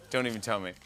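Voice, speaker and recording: A man hosting a talk show, excitable and gushing, quick to laugh. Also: lowish voice. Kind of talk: casual chat. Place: TV studio with live audience. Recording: studio audience and room noise.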